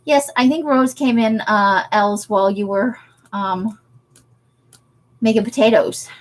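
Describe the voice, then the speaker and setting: A woman's voice: mid-range voice, fairly even intonation, measured pace. Chatty woman hosting a craft livestream. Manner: chatty, laughs often, reads and answers viewer comments. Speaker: livestream host. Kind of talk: casual livestream chat.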